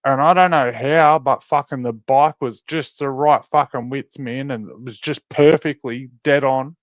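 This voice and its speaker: A man with an Australian accent in casual chat, telling rough, profanity-laced stories as a podcast co-host. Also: medium pitch, normal speed, no room sound. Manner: swearing-heavy, animated storytelling. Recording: dry, slightly dull sound.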